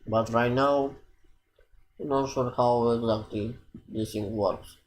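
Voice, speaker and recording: Slow, hesitant man thinking aloud. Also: mid-range voice, steady tone, a little hiss or hum. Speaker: gaming streamer. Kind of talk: casual gameplay commentary.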